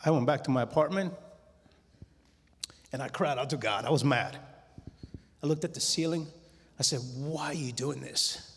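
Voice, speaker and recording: A middle-aged man giving a testimony talk to a conference audience, telling his story in a lively way and acting out his own quoted words. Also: mid-range voice, moderate pace, long pauses, slight background noise. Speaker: conference speaker. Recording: long hall reverb.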